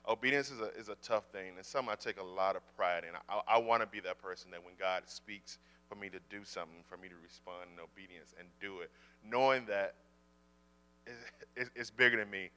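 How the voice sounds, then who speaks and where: Low-ish bright clear guy, minister telling a sauna story, keeps stumbling over words. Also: fairly quick. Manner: animated, repeats words, chuckles while telling. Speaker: full-time minister. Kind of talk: casual storytelling testimony.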